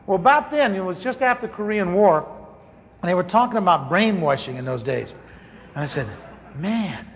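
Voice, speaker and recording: A man telling a comic story from the pulpit, acting out the dialogue in a lively way. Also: high voice, normal speed, pauses often, slight background noise. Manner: animated, comic, acts out dialogue. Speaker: preacher telling his conversion story. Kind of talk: storytelling sermon. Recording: large hall reverb, faint ambience.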